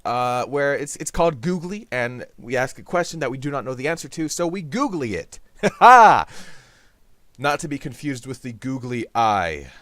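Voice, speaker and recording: A man's voice: medium pitch, expressive, normal speed, a bit bright, dry recording. A man hosting his own game channel, rambling through silly jokey commentary while he plays. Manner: goofy, jokey, sudden bursts of silly voices. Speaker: gaming YouTuber host. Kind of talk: rambling comedic gameplay commentary.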